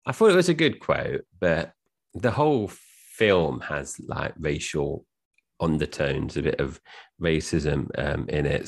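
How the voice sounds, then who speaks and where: Man, very deep voice, gravelly fry, casual film chat. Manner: says he can't do accents, reads quotes plainly. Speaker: podcast co-host.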